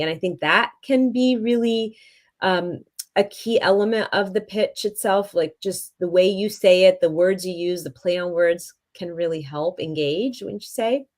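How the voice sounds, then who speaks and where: A woman hosting an interview on a business podcast. She speaks in a fairly low voice, chatty and informal, often restarting her sentences with little fillers along the way. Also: darkish tone. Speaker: podcast host. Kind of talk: casual interview chat.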